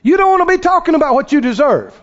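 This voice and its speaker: A man's voice: extremely high pitch, big pitch swings, fast. A man preaching a sermon in a folksy, emphatic way, acting out the people he quotes. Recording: dull sound with long hall reverb.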